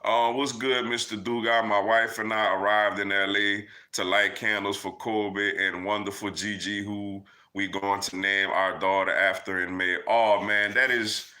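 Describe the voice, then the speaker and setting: A man's voice: on the low side, pushed and bright. A young man hosting a casual live Q&A, reading viewer comments and chatting loosely, with lots of "man" and "yo". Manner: loose and conversational, many fillers like "man" and "yo". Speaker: livestream host answering chat.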